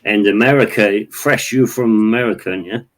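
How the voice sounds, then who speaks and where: Easygoing low-voiced man. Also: a little fast. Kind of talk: casual chat.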